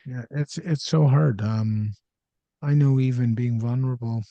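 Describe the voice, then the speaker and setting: Gravelly podcast host, dull mic. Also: male voice, mid-range voice, fairly even intonation, unhurried, mellow, no room sound. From Canada. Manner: candid, anecdotal, with frequent ums. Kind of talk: casual podcast conversation. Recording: slightly dull, lo-fi sound.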